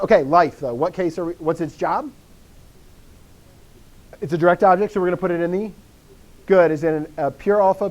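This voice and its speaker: A man's voice: on the high side, a little mellow. A man teaching a Greek grammar lesson, explaining step by step and quizzing students with encouraging replies. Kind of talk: live online lesson.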